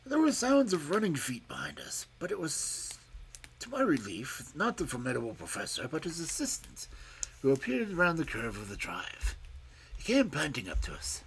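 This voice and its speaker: A man narrating a detective story, expressive and dropping to a hush at tense moments. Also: a little high, moderate pace, slight background noise.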